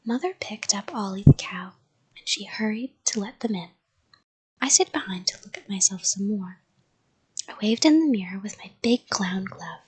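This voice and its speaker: A woman reading a children's story aloud in a soft whisper. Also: medium pitch, expressive, normal speed, slightly rough.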